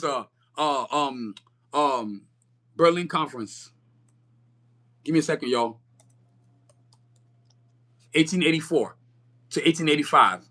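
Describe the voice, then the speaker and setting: A man's voice: a little high, pushed and bright. A man hosting a live-stream podcast, ranting fiercely and profanely in streetwise slang and often checking in with his listeners. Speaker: podcast host.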